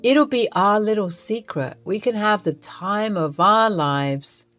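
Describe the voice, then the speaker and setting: Brief: woman reading a sly, coaxing male charmer, storybook drama, slow steady delivery. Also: medium pitch, dry recording, faint music behind. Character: sly flirting suitor posing as a celebrity, male.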